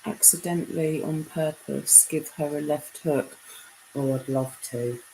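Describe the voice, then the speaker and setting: A young British woman chatting casually on a live stream, reading out viewer comments; her voice is deep enough to be mistaken for a man's. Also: measured pace, dark tone, slight background noise, low-quality recording. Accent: British English. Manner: chatty, reads comments aloud.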